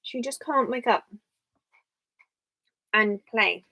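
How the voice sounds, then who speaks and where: A woman's voice: fairly high pitch, takes it slowly, gravelly, sharp tone, dry recording, low-quality recording. A young English woman chatting casually on a live stream from her home office, rambling and thinking aloud as she reads viewer comments.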